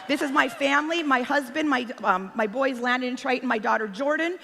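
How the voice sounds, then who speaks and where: High-voiced woman in a reverberant hall. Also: fairly quick, creaky. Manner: animated storytelling, acts out quotes. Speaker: conference speaker. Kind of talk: motivational stage talk. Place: large convention hall.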